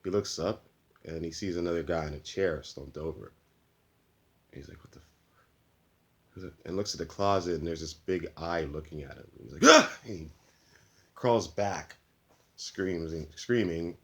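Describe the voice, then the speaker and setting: A man's voice: sits low, moderate pace, darkish tone. A man who makes his own movies, casually retelling a plot in a loose, rambling way. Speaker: amateur filmmaker. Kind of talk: casual storytelling.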